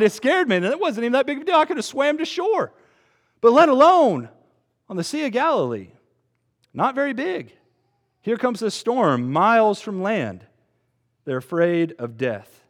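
A man in his twenties preaching a sermon, earnest and expressive, rising to emphatic peaks. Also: a little high. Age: 20s.

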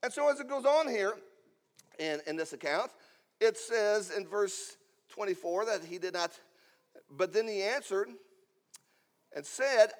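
A man preaching a sermon, swinging between loud emphatic lines and hushed asides. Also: sits high, lively intonation, unhurried, pauses often. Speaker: pastor.

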